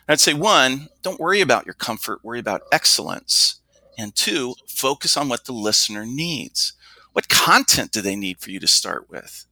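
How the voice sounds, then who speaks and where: A middle-aged man who works as a communication coach, explaining things in a measured, instructive way and demonstrating his points with his own voice. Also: mid-range voice, sing-song, bright, forceful tone, no echo. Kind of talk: explanatory interview talk.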